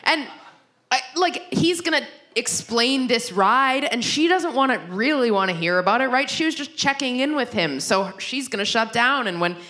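A young woman with a bright, clear voice doing stand-up comedy. She rambles through self-deprecating bits and stumbles into quick restarts and asides. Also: fairly high pitch, lively intonation.

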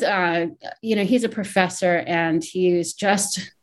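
A woman's voice: on the low side, steady tone, measured pace, slight background noise. A middle-aged woman from Hawaii, an author and academic, giving candid, reflective interview answers with frequent restarts and rising emotion.

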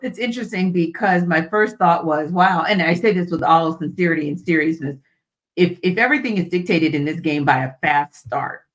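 A man's voice: a little high, fairly quick, a bit bright. A man hosting a sports podcast in casual chat, loose and talkative, and often repeating words as he goes. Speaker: podcast host.

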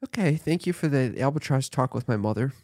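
A man's voice: mid-range voice, lively intonation, fairly quick, a little mellow, no room sound. Guy cohosting a podcast, bickers and swears a lot, very dry sound. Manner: swearing, exasperated banter. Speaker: podcast co-host. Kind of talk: casual chat.

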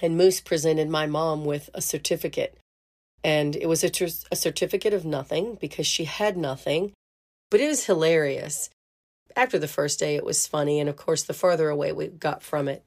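A woman's voice: deep voice, a little mellow. A middle-aged woman hosting a podcast who tells a family story in a chatty, casual way, laughing often and saying "you know". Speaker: podcast host.

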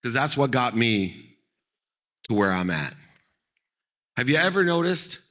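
A man's voice: mid-range voice, sing-song, unhurried, bright, forceful tone. A middle-aged man giving a live motivational keynote on stage, speaking emphatically and repeating phrases for effect. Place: on stage at an event.

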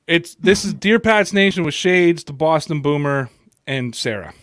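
A man's voice: a little high, expressive, normal speed, a bit bright, no echo, studio quality. A man with an American Italian accent hosting a casual sports podcast over a video call, joking and trailing off mid-sentence. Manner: loose, joking, trails off and restarts. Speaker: podcast host. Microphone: computer mic on a video call.

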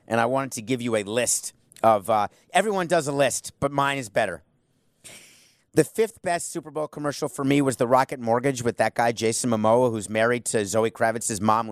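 A man talks in a loose, opinionated commentary style with quick self-deprecating jokes. His voice sits at an ordinary middle pitch. The sound is dry and close, with no room around it. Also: no echo.

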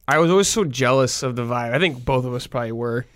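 A man from Southern California chatting casually, agreeable and quick to laugh along. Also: mid-range voice, a bit bright, no room sound, studio quality. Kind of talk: casual chat.

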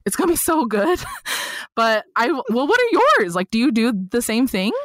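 A woman's voice: fairly high pitch, moderate pace, no room sound, clean studio sound. A woman guest in a casual interview, talking animatedly and filling her stories with "like" and playful voices. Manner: chatty, animated storyteller full of "like" who slips into comic voices. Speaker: podcast guest.

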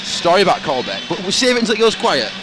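A high-voiced man talks fast while co-hosting a podcast live from the stands of an outdoor football stadium. He's lively and giggly, teasing as he banters, with stadium music and background noise behind him.

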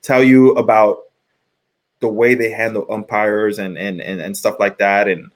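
A middle-aged man with a low voice talks casually on a podcast. He rambles, restarting his sentences and leaning on fillers as he goes. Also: fairly even intonation, measured pace. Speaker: podcast co-host, former college pitcher. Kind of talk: casual sports chat.

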